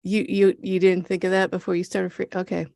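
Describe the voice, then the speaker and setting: Laughing, animated woman co-host. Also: on the low side, brisk, creaky, no echo, clean studio sound. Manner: animated, laughs often, acts out scenes. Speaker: podcast co-host. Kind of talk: casual recap chat.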